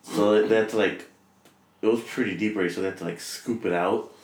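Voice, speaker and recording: A man's voice: on the low side, fairly even intonation, brisk, a little mellow. A young man in casual chat with friends, laid-back and swearing. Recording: echoey room.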